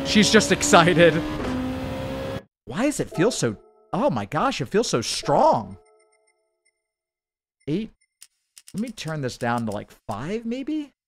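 A quick, excitable man talks viewers through a live racing game stream. His voice sits a bit high and swings up and down. Faint game music and engine sounds play under him. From United States. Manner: hurried, excitable, chats with viewers.

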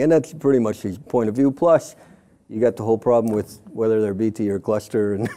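A man's voice: on the low side, steady tone, a little fast, dark tone. A middle-aged man, a former church member, telling his story in a candid, rambling way, often stopping himself and quoting what others said. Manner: rambling, self-interrupting, quotes others in passing.

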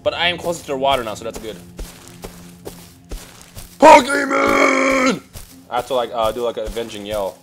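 A young man hosting gameplay commentary, loud and excitable, often yelling at other players over a headset mic. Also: mid-range voice, very fast, few pauses, over loud music. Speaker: gameplay host.

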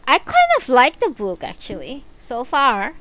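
Slow, chatty woman reading aloud. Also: sits high, background noise. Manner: relaxed, chatty and rambling, with frequent fillers and asides. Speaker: live-streamer reading a book aloud. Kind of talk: book reading and casual chat.

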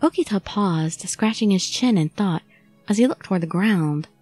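A woman's voice: mid-range voice, moderate pace, soft background music. Woman reading a visual novel aloud. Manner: steady, storytelling read. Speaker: audiobook narrator. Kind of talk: first-person visual novel narration.

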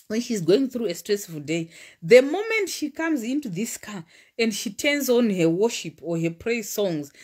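Female preacher, 40s; fervent, declarative, pitch swings widely. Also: breathy edge. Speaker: preacher and relationship coach. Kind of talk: livestream sermon with personal testimony.

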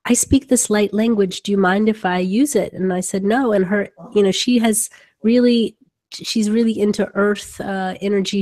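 A woman hosting a channeling session, chatting and telling a story in a warm, chatty way with fillers. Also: medium pitch. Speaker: host. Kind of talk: casual chat.

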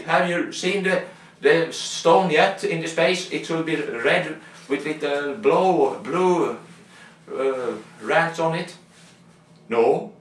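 Slow-talking young man, roomy and distant. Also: fairly high pitch. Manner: rambling, exclaiming to himself, halting non-native English. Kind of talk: improvised comic monologue. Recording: roomy, from far off the mic.

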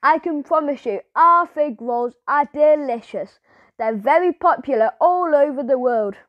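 A woman doing a prim factory tour guide who speaks in a high, bright voice, polite but stern and precise. The reading is dry and close, with no room sound. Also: lively intonation, measured pace, dry recording, dull audio. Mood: formal.

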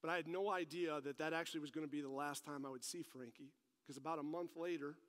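The man's voice is on the high side, steady in tone, a little bright, and quick in pace. He is a pastor preaching at a church service, combining teaching and personal stories while animatedly pushing his points with growing emphasis, all under a large hall's long reverb.

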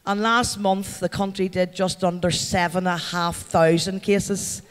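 Northern Irish man, high-pitched, heartfelt and chatty, giving an award speech in a reverberant hall. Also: flat delivery, unhurried, smooth. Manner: heartfelt, chatty, thanks the crowd by name. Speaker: award recipient addressing a company event. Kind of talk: acceptance speech to a live audience. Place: large event hall.

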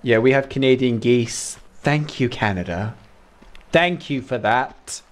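A man's voice: mid-range voice, measured pace. A British man chatting casually with viewers while he streams a game, greeting them by name and laughing often. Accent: British English. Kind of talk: casual live-stream chat while playing.

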